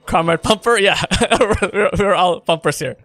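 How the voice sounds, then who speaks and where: A playful man chats casually with his viewers while he plays a game, often breaking into laughter. His voice sits a little high for a man, and the sound is close and dry with no room behind it. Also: measured pace, a bit bright, dry recording. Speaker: streamer. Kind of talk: casual live gameplay chat.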